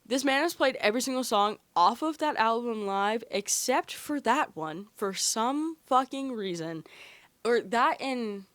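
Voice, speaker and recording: A young woman hosting a podcast, telling stories in a chatty, animated way with lots of fillers and the odd swear word. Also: a little high, measured pace, no echo. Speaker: podcast host. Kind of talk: casual chat.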